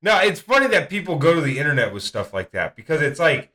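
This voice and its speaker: A man's voice: fairly high pitch, big pitch swings, fast talker, sharp tone. A man co-hosting a podcast, talking in a rambling, joking way and swearing freely. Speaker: podcast co-host. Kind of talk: casual podcast banter.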